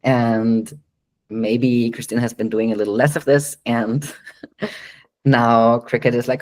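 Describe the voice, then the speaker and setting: Chatty man with a medium-pitched voice. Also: little pitch movement, slow pace, rough recording. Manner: chatty and explanatory, with frequent ums and light laughs. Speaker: dog trainer hosting a live Q&A. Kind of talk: live online Q&A, casual explaining.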